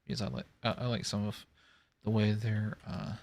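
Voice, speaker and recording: A man's voice: on the low side, fairly even intonation, moderate pace, vocal fry, darkish tone. A man chatting casually to himself while playing a building game, rambling and talking through each step as he works. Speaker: gaming video creator. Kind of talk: casual gameplay commentary.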